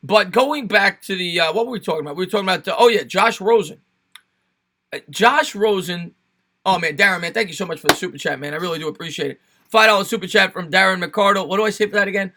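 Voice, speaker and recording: A man's voice: high voice, fast, sharp tone. A young man with a New York accent hosting a casual sports live stream, chatting with viewers and thanking them by name.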